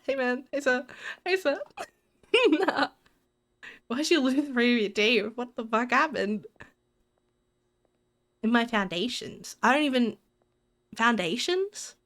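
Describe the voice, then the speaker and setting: A woman's voice: fairly high pitch, expressive, slow, pauses often, a bit bright. A woman streamer chatting casually to her audience while gaming, giggling and rambling. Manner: giggly, rambling, restarts sentences.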